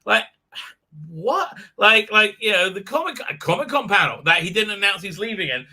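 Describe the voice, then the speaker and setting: A man with an Israeli accent chats casually on his live stream from a home office. His voice sits high and sounds very bright. He rambles, swears freely and laughs between comments. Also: sing-song, normal speed. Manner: rambling, profane, laughs often, many fillers.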